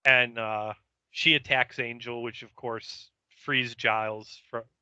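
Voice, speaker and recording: A man's voice: mid-range voice, level tone, slow pace, bright, forceful tone, clear, resonant tone, dry recording, highs cut off. A man co-hosting a podcast, recapping an episode in a meandering, hesitant way. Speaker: podcast co-host.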